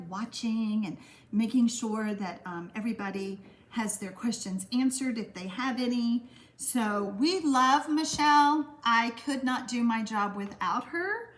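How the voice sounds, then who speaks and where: Lady chatting on a craft livestream, giggly, reads out viewer comments, kinda high voice. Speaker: stamping craft livestream host. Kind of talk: casual livestream chat reading viewer comments.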